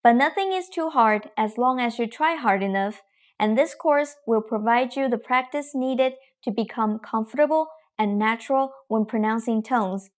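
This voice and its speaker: A young adult woman teaching Mandarin pronunciation in a scripted lesson, speaking slowly and carefully, demonstrating sounds. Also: a little high.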